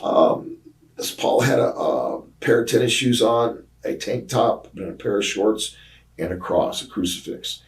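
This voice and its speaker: A man's voice: on the low side, a little slow, distant mic, slight background noise, low-quality recording. An older man, a retired wrestler, telling rambling road stories in an interview, with plenty of ums and uhs as he acts out what others said. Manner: rambling anecdotes with many fillers, acting out quoted voices. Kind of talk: casual storytelling interview.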